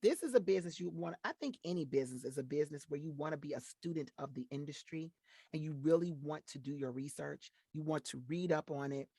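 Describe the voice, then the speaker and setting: A middle-aged woman from Detroit, a voiceover artist, chatting as a guest on an interview show in an animated, playful way. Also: fast talker, slightly rough, dry recording, studio quality. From Detroit, Michigan. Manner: animated, playful, acts out quotes in high voices. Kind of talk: casual interview chat.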